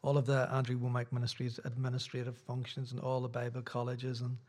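Middle-aged Irish preacher, chatty and rambling, mid-pitched male voice, church talk. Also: monotone, a little fast, darkish tone. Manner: rambling, self-deprecating, chatty asides. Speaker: visiting preacher. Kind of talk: sermon with casual chat.

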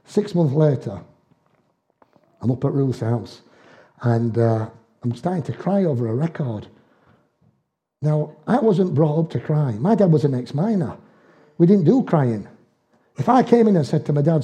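An older man preaches in a folksy, storytelling way, slipping into dialect and chuckling as he goes. His voice is very mellow and dark in tone, though it sits a little high in pitch. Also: lively intonation, a little slow, long pauses. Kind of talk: sermon.

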